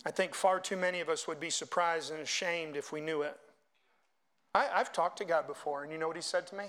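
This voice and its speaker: Male pastor, high-pitched, preaching a sermon; swells on scripture, chats with the congregation between readings. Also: brisk, fairly bright tone, slight background noise. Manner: conversational asides to the congregation.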